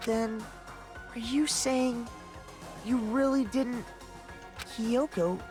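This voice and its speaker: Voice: medium pitch, drawn-out words, over loud music. A voice actor playing an earnest young student in a video game, speaking urgently and with questions. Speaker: game character.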